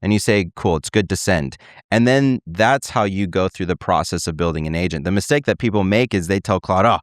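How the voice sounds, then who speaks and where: A man with a low, smooth voice explains things in a casual, animated way, often slipping into quoted back-and-forth dialogue. He is recorded dry and close, with no room sound. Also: fairly quick, no echo.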